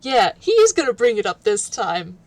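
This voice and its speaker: A woman co-running a tabletop role-playing game, narrating in a halting way with many pauses. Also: a little high, huge pitch swings, darkish tone, dry recording. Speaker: co-game master.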